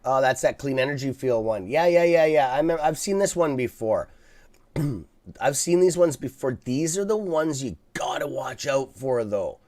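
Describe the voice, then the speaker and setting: Man, live stock trading host, casual commentary, blunt, swears, rambling restarts, mid-pitched voice. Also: expressive, normal speed, darkish tone. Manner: blunt, swears freely, talks straight to viewers; rambling with many restarts and "okay?" check-ins.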